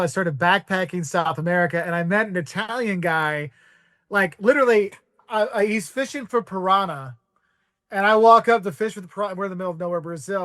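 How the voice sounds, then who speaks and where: This man in his forties is a podcast guest, casually telling travel stories at length and performing voices whenever he quotes someone. He has a high-pitched voice with a fairly bright tone. The recording is studio quality and has no echo.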